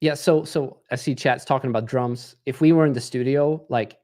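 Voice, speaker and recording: A man's voice: mid-range voice, steady tone, normal speed, darkish tone. A man hosting a live stream, presenting casually with lots of ums and restarts. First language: not English. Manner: rambling, many fillers, laughs easily. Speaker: livestream host.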